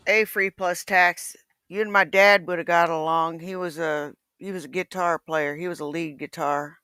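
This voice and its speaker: A man with a high, bright, smooth voice talks bluntly in casual chat. The sound is dry and close, with no room around it. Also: steady tone, normal speed, no room sound.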